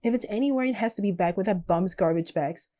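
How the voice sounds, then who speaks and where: A woman streaming a text game, reading the story aloud evenly with quiet, casual asides. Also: mid-range voice, fast talker.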